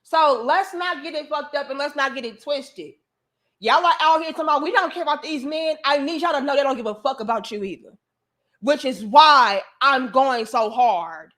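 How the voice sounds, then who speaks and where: A woman's voice: high voice, expressive, moderate pace, a bit bright. A woman hosting a livestream, delivering an emphatic, profane, preachy rant to her viewers. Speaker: livestream host.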